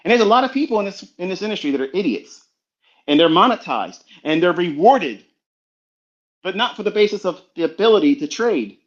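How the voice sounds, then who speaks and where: A man's voice: high-pitched, lively intonation, a little fast. Profane preachy man, muffled stream. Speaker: trading mentor. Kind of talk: motivational talk on a live audio stream. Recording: dull lo-fi online stream audio.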